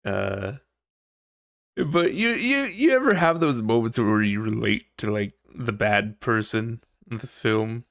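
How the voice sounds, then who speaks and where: A man's voice: mid-range voice, vocal fry, no echo, studio quality. A man hosting a casual solo podcast, rambling, swearing freely and laughing often. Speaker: podcast host.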